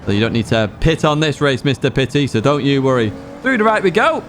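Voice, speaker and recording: A man's voice: mid-range voice, sing-song, fairly quick, fairly bright tone, a little hiss or hum. Upbeat man commentating a race. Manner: upbeat, instructive, jokey asides. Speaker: gaming channel host. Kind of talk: race guide commentary over gameplay.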